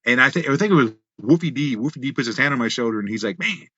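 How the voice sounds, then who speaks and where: Bright-voiced man telling wrestling stories. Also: medium pitch, fast, no echo, dull audio. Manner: animated storyteller, many restarts and quoted dialogue. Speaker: guest, former wrestler. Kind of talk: casual storytelling in a podcast interview.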